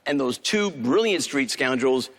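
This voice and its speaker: Fast-talking New York magician. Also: male voice, mid-range voice, animated, heavy background noise. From New York City. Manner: fast-talking, joking showman. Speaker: street magician contestant. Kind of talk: stage magic patter. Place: TV theater stage before a live audience. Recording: stage audio with crowd and music. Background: audience laughter and show music.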